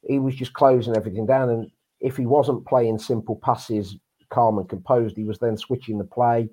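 A man's voice: mid-range voice, fairly even intonation, moderate pace, mellow, slightly rough, low-quality recording. An English man co-hosting a football podcast, chatty and full of fillers. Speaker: podcast co-host. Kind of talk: casual football chat.

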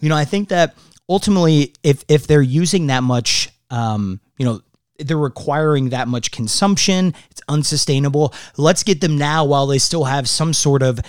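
A man's voice: a little high, moderate pace, clean tone, no echo. Man hosting, encouraging, with a close, dry sound. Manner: affirming, encouraging, asks reflective questions. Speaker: podcast host. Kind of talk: interview conversation.

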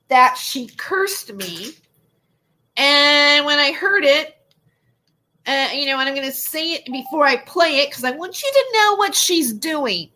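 A woman vlogger recounting an online argument in an indignant, animated way. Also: sits high. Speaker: YouTube commentator. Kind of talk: casual vlog rant.

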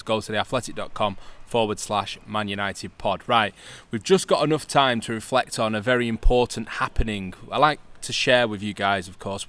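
A man hosting a podcast from a stadium press box, brisk and teasing as he reads promos and wraps up. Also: fairly low pitch, fairly bright tone. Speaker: podcast host.

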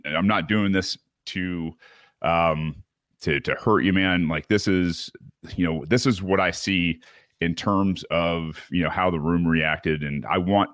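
Low-voiced man recapping casually. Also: fairly bright tone, no room sound, clean studio sound. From Michigan. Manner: candid, rambling storytelling. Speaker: podcast host.

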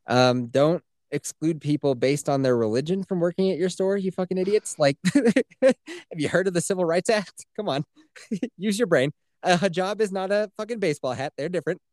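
Male podcast host, lively swooping voice, slightly high, profane, dry close sound. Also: moderate pace, dry recording. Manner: profane, animated, laughs often. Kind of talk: casual podcast chat.

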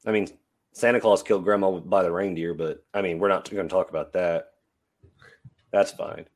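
A man's voice: deep voice, steady tone, normal speed. A man co-hosting a casual podcast chat, joking along in an easygoing way. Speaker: podcast co-host.

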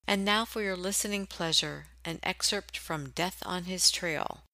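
A woman reading a book summary and introduction in a smooth, even manner. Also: on the low side, a little slow, no echo. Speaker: audiobook introducer.

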